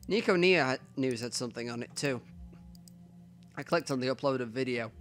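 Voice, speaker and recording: This let's play host narrates a visual novel, dropping soft asides to himself between longer stretches of reading. He speaks at a normal speed in a mid-range male voice.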